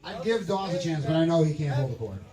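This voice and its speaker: Teasing man roasting a friend, lively voice. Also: a little high, fast talker, reverberant, over a noisy crowd, rough recording. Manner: teasing, laughs often. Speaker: roast host. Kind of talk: casual roast banter.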